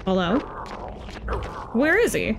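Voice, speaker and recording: A woman's voice: on the high side, wildly swooping pitch, slow, vocal fry, noisy background. A woman streaming a video game, chatting away and talking back at the game characters with sudden exclamations. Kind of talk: live gameplay commentary. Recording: game gunfire loud behind voice.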